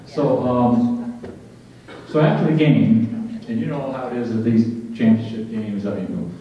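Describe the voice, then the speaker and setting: A man's voice: mid-range voice, unhurried. A man emceeing a luncheon panel, chatty and anecdotal, often repeating himself. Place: large banquet hall. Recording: dull, echoey hall from far off.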